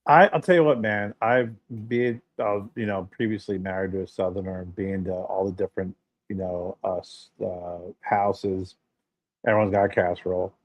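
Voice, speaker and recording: A low-voiced man co-hosting a podcast tells stories at a moderate pace in casual chat, animated and emphatic, with the occasional swear word. The recording has no echo but sounds muffled.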